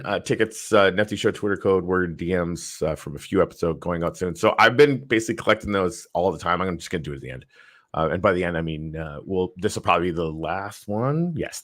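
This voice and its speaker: A man's voice: low voice, a bit bright. A man hosting a casual livestream, rambling with lots of fillers and restarts, reading viewer comments aloud and answering them. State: tired. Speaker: show host.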